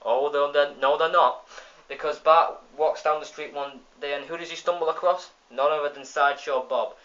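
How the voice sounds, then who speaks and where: A man's voice: a little high, fairly even intonation, normal speed, a bit bright. A man giving a casual spoken review of a cartoon episode, retelling the plot in a rambling way with many restarts and fillers. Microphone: phone. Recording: dull lo-fi phone recording.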